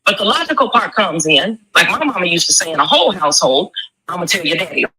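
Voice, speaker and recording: A woman makes her case in a rapid stream. Her voice is bright and forceful, and she talks emphatic and preachy, full of rhetorical questions. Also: on the low side, very animated, rough recording. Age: 40s. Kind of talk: impassioned commentary.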